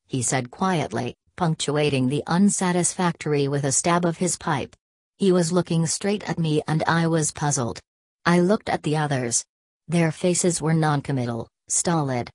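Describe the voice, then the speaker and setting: A woman narrating a novel as an audiobook in a steady, measured reading. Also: deep voice, dry recording. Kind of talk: scripted narration.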